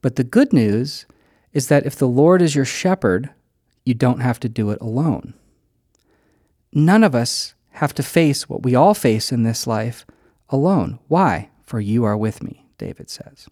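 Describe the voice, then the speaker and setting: A man preaching a sermon, telling a personal story with animated delivery and acting out quoted lines. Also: medium pitch, a little slow, no room sound, clean studio sound. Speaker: pastor.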